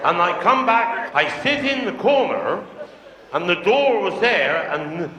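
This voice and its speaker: High-voiced Cornish comic in an echoey hall. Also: male voice, big pitch swings, unhurried, pushed and bright. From Cornwall, England. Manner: broad, earthy pub-yarn delivery, chuckling at his own jokes. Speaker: stand-up comedian. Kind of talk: stand-up storytelling on stage. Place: live comedy venue. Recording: echoey hall, 1990s live video.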